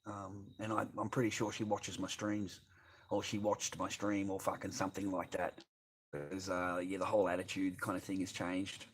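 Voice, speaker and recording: A rambling Australian man talks loosely to his live stream, swearing freely and reading out chat. His voice is low and husky. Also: completely flat delivery, moderate pace.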